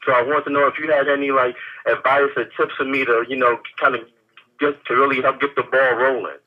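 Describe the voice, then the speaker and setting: A man's voice: medium pitch, flat delivery, brisk. Hesitant male caller, thin telephone sound. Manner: hesitant, searching for words. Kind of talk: casual call-in talk. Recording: tinny phone line.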